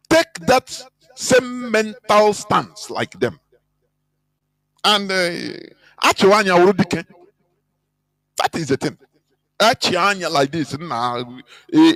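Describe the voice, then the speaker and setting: Impassioned man, fairly high. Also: dry recording, rough recording. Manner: emphatic, scornful, mocking with laughs. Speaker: radio broadcaster. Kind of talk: impassioned political talk.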